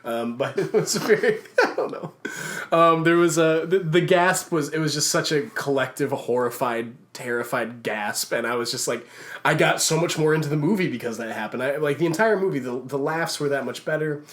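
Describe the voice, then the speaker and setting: A man co-hosting a casual podcast chat who rambles excitedly and stumbles over repeated restarts. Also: a little high, normal speed. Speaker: podcast co-host.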